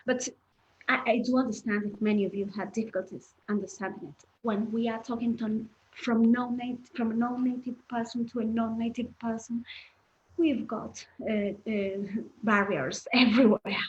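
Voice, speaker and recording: Woman, higher voice, encouraging webinar teacher, muffled lo-fi audio. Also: fairly even intonation, normal speed. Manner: encouraging, explains patiently, addresses the chat. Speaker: English pronunciation teacher. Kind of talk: online webinar lesson.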